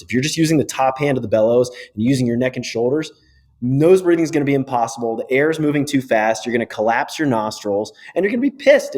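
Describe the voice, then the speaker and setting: A man of middle pitch talks as a podcast guest, explaining breathing technique with real energy. He keeps things casual and often tags his points with a quick "right?" to check that the listener is with him. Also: darkish tone.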